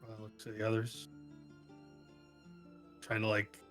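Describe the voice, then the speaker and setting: A man in a tabletop game chats in an easygoing, slightly hesitant way. His voice sits on the lower side, with faint guitar music behind him. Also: monotone, a little slow, a bit bright. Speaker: player. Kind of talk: casual tabletop play.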